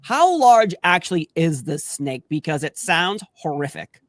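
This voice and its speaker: Eager man host, slightly high, dry sound. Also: very animated, a little slow, fairly bright tone, dry recording. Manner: eager, chatty, laughs often. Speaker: podcast host interviewer. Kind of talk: interview questions, casual chat.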